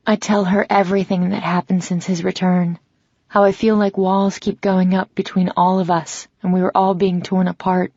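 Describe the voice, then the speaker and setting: A woman reading a first-person romance audiobook in a measured, reflective way, in a slightly dull, dry recording. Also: fairly low pitch, level tone, a little mellow, no echo. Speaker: audiobook narrator.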